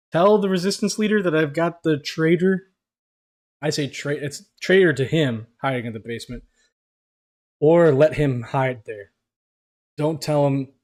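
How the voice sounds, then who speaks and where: A man's voice: a little high, a little mellow. A man live-streaming a game, chatting playfully with his viewers and teasing them as he plays. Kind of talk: live-streamed gameplay chat. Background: game music and rain.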